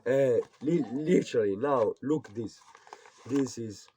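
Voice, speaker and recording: A man's voice: medium pitch, slow, dark tone, a little hiss or hum. A young man ranting to the camera at home in an old rural house, agitated, swearing often and repeating himself. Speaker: vlogger. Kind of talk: frustrated personal rant to camera.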